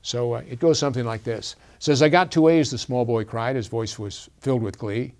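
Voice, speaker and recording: A middle-aged man telling a personal story in a presentation, earnest and halting, with many fillers and restarts. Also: medium pitch, fairly even intonation, darkish tone. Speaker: guest speaker.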